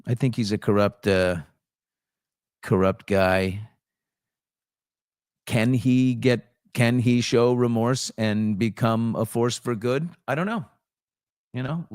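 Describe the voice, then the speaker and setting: A man's voice: mid-range voice, unhurried, long pauses, a little mellow, no echo, clean studio sound. A man hosting a casual chat show, reading viewer comments off the cuff with frequent ums and restarts. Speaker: host.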